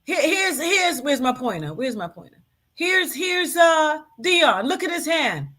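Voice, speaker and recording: A woman hosting a commentary show, reacting indignantly to video clips and repeating her points with big swings in pitch. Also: big pitch swings, a little slow, pushed and bright, low-quality recording.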